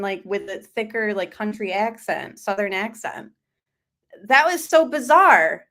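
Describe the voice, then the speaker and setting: A woman's voice: mid-range voice, measured pace, fairly bright tone. A woman hosting a true crime channel, talking casually over a replayed call-in show and greeting her live chat. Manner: chatty, reacts to live chat.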